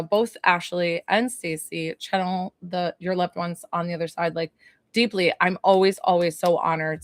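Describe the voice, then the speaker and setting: A woman's voice: on the low side, dry recording. Gushing woman psychic, dry close sound. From New York. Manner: gushing, laughs often, talks to viewers. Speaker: psychic medium. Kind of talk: livestream reading chat.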